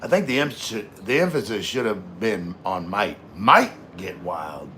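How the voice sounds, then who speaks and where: A man's voice: on the low side, lively intonation, moderate pace, slight background noise. A man hosting a casual livestream, reading chat messages aloud in a laid-back, slangy, rambling way while having a few drinks.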